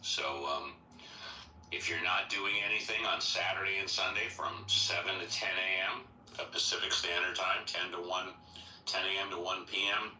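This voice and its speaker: A man's voice: low-pitched, fairly even intonation, normal speed, sharp tone, reverberant, recorded from a distance, a little hiss or hum, poor audio. A man who hosts a weekend audio chat show, talking in a laid-back, casual way.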